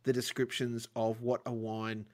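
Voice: mid-range voice, little pitch movement, darkish tone. A podcast host who interviews a guest in a playful, teasing way. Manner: playful and teasing, asks quick questions. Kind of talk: casual interview.

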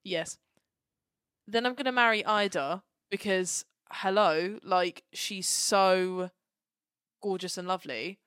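A woman co-hosting a podcast, chatting in an excitable, playful and sweary way. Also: mid-range voice, takes it slowly, clear, resonant tone, dry recording, clean studio sound. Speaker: podcast co-host. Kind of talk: casual chat.

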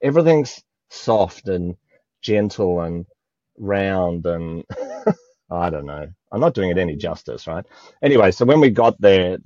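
An Australian man speaks in a low, mellow voice, emotional and often searching for words as he describes a spiritual experience. The audio is dull and dry, with no room sound. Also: dry recording. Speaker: guest. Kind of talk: spiritual conversation.

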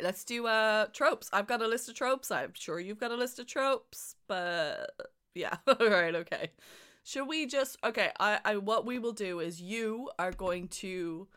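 A woman co-hosting a relaxed podcast, with a bright, sharp voice. She laughs easily and pokes fun at herself while she steers the conversation along. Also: mid-range voice, a little slow, clean tone. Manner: giggly, self-deprecating, runs the segment. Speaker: podcast co-host. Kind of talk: casual chat.

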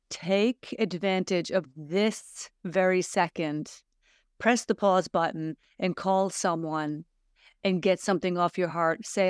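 A middle-aged woman, originally from Sweden, hosts a reflective solo podcast. She speaks slowly and earnestly with a smooth, clear voice that sits a little low, and she keeps asking rhetorical questions. The close mic gives a dry sound. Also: no room sound. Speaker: podcast host.

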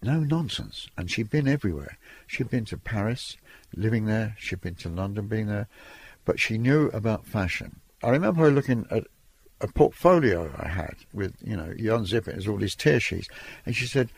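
A man's voice: lowish voice, lively intonation, normal speed, gravelly, breathy edge. An older man from Ireland, a photographer telling stories from his career in a chatty, reminiscing interview. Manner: reminiscing, chatty, laughs between lines. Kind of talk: storytelling interview.

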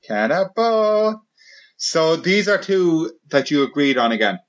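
A man's voice: medium pitch, fairly bright tone, muffled recording. A man hosting a podcast, chatting in a jokey way and summing up the topic. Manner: jokey, asks questions and sums up. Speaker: podcast host. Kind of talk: casual chat.

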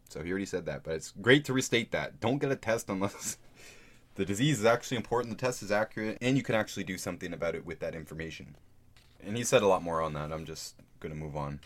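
A man's voice: sits low, animated, quick pace. A man hosting his own podcast, talking casually through a book and reading out passages. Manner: conversational, thinks aloud, reads out quotes. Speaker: podcast host reviewing a book. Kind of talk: casual solo podcast talk.

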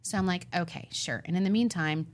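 A woman's voice: lowish voice, a little fast. A middle-aged woman on a casual chat show, telling a story with lots of energy. She acts out every quote and swings her voice up and down as she goes. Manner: animated retelling, acting out quoted voices. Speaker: podcast co-host.

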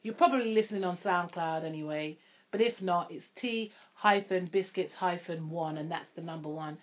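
A woman's voice: lowish voice, normal speed. A woman co-hosting a podcast, casual and jokey, slipping into put-on voices. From London, England. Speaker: podcast co-host. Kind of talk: casual chat. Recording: dull lo-fi podcast recording.

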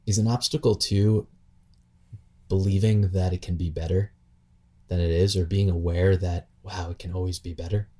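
A man hosting a relaxed conversation, asking thoughtful questions and murmuring agreement. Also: low-pitched, moderate pace, breathy edge. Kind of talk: casual interview conversation.

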